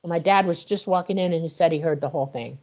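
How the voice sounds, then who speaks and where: A woman guest in an interview, retelling a personal experience in an animated way and acting out the dialogue. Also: fairly low pitch, fast. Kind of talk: emotional personal storytelling.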